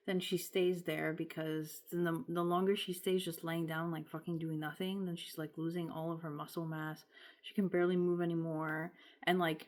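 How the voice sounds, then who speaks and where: Low-voiced woman venting candidly. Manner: rambling, candid, swears often. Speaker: vlogger. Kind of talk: casual confessional vlog.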